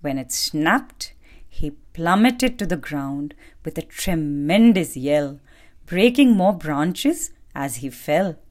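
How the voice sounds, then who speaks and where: A woman reading a fable aloud for her podcast, with slow, expressive narration. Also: low voice. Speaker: podcast storyteller. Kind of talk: storybook narration.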